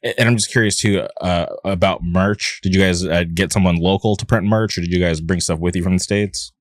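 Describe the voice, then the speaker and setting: A man from California hosting a podcast, asking questions in a halting way with many fillers and repeated words. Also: sits low, steady tone, no echo, studio quality. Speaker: podcast host. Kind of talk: casual interview chat.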